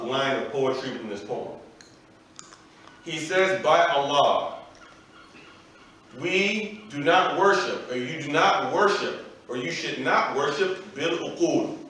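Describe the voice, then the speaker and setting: A man's voice: on the high side, fairly bright tone. A man, an imam, giving an emphatic, explanatory religious lecture to a live audience and often checking in with "right?". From United States. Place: festival venue with an audience. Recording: very echoey room, voice from far off, faint noise.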